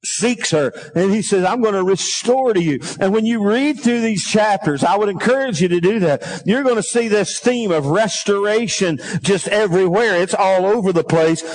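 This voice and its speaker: High-voiced man preaching a sermon. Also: darkish tone, slight background noise, rough recording. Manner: reads scripture aloud, calls on the congregation. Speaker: pastor.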